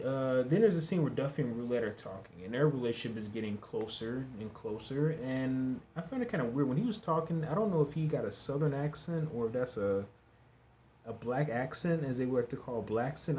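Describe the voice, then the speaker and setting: A man's voice: mid-range voice, darkish tone, a little hiss or hum. A man giving a casual, chatty recap of a TV episode, talking loosely with fillers, restarts and bits of slang. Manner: candid, with some slang. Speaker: TV episode reviewer.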